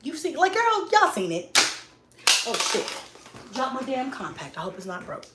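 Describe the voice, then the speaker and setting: A woman's voice: high-pitched, huge pitch swings, moderate pace, reverberant, very noisy. A woman in her thirties, a mom vlogger chatting casually, blunt and profane, talking back to critics. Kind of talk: casual livestream-style chat.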